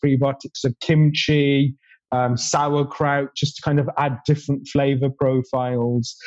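A man talks as a guest on a relaxed podcast, enthusiastic and explanatory, laughing easily between points. His voice sits a little high for a man. The audio is slightly muffled and lo-fi. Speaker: guest chef and gut health expert. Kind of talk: casual podcast chat.

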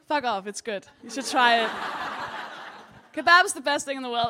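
A woman with a high, bright voice tells a stand-up story with lively energy, laughing through her punchlines. She is a co-host on a live comedy stage. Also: normal speed, slight background noise. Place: live comedy venue with audience.

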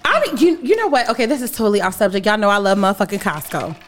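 A woman's voice: medium pitch, expressive, rapid-fire, a little hiss or hum. A woman hosting a podcast in casual chat, brash, playful and a little tipsy. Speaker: podcast host.

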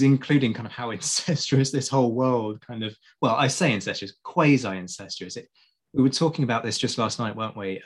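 A man hosting a history podcast, chatting casually with a guest and often restarting his phrases. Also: fairly low pitch. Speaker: podcast host. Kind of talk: casual interview chat.

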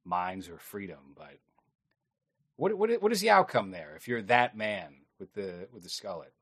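Podcast co-host, man, lowish voice, dry rambling plot recap, swears a lot. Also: sing-song, moderate pace, a bit bright, breathy edge. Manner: rambling, wry, swears freely. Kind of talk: casual chat recapping a film.

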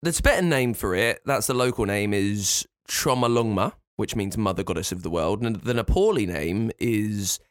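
A man's voice: fairly low pitch, moderate pace, hardly any pauses, no echo, studio quality. A man co-hosting a podcast, teasing and bantering in casual chat. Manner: animated, teasing. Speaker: podcast co-host.

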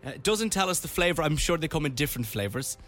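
A man from Ireland co-hosts a casual radio chat, reading things aloud and riffing on them playfully. His voice is bright, and his pitch sits a little high and moves a lot. Faint music plays underneath. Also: animated, quick pace. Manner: playful, reading out items with commentary. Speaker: radio host.

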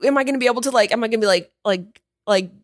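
A woman's voice: fairly high pitch, very fast, no echo. Woman, podcast co-host, casual chat, filler-heavy, swears, dry close mic. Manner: rambling, lots of fillers, swears.

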